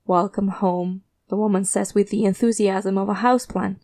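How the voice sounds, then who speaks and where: A woman reads a first-person fiction story aloud with a mellow, warm tone. Her delivery is measured and steady, carrying a quiet tension. It sounds like a scripted audiobook narration. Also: mid-range voice.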